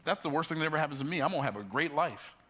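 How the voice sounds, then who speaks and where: A man telling life stories in an emphatic, preacher-like motivational talk, building up and jumping into sudden high bursts. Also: expressive, very fast, sharp tone. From United States. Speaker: motivational speaker.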